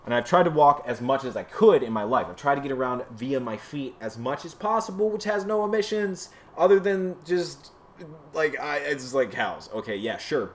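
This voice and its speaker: A man's voice: expressive, normal speed. Profane, heated ranting man. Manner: profane, heated ranting, swinging between yelling and low muttering. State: sweaty from exertion. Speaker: podcast host. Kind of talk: solo ranting commentary to camera. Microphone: camera mic.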